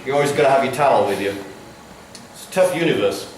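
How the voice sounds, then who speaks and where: A man's voice: mid-range voice, expressive, quick pace, slight background noise. A man telling stories to schoolchildren, chatty and full of playful asides. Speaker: visiting storyteller. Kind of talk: storytelling to schoolchildren. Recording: echoey hall from far off.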